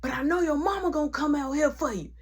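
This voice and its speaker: A woman voicing a cocky young man who taunts and demands money, in a low-key voice close to her own. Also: fast talker. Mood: taunting.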